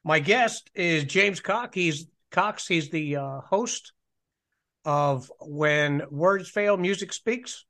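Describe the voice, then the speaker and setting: Middle-aged guy hosting a podcast, rambles along and pokes fun at himself, voice on the high side. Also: slow pace, bright, forceful tone. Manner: rambling, self-mocking humor. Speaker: podcast host. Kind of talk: casual storytelling and show intro.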